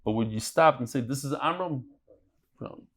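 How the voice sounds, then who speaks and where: A man's voice: mid-range voice, normal speed. A middle-aged man teaching a Talmud class, telling stories and bantering with his students.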